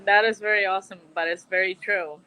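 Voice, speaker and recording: A woman's voice: medium pitch, fairly even intonation, brisk, sharp tone, poor audio. A woman guest speaking on a video call with a shaky connection. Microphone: video call with bad connection.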